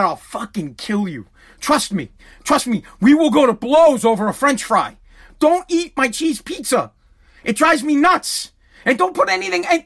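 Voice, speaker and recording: High-voiced woman on a profane rant. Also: fairly bright tone. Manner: heated, profane, stammering restarts. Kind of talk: comedic rant.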